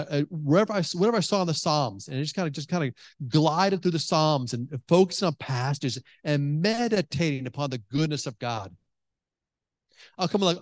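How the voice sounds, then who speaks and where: Guy preaching a sermon, kinda high voice, lots of "like" and restarts, dry close mic. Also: no room sound. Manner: animated storytelling, many restarts and "like". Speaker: pastor. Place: church hall with congregation.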